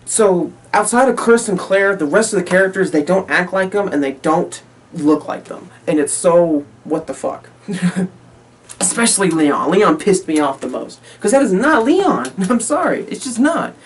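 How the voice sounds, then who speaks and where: A man's voice: sits high, lively intonation, normal speed. A man giving a casual spoken movie review, ranting in exasperation, repeating himself, swearing often and laughing between points. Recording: voice a little far from the mic.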